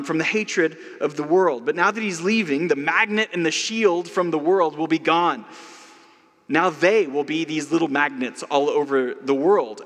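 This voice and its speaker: A man's voice: high-pitched, a bit bright, big-room sound. A man preaching a sermon in a conversational way, with casual asides. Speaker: pastor.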